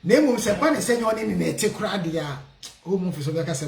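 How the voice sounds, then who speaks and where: A man hosting a casual radio talk show, switching between Twi and English, lively and often laughing. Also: high voice, fast, creaky, reverberant, slight background noise.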